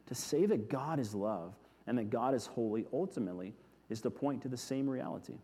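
A man preaching a sermon, earnest, repeating key words and letting them fall soft. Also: lowish voice, big-room sound. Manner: earnest, with emphatic repetitions falling soft. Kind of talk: sermon teaching on scripture.

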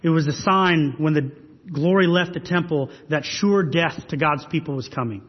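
Husky preaching man in a reverberant hall. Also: fairly high pitch, moderate pace. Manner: earnest preaching with rhetorical questions. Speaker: pastor. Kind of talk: sermon. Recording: husky voice in long reverb hall, dull sound.

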